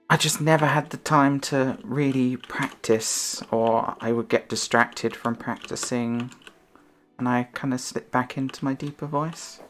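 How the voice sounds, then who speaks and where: A woman's voice: rumbling low, fairly even intonation, measured pace, a bit bright, faint music behind. A woman streamer chatting casually in a rambling, self-conscious way, her intonation rising and falling.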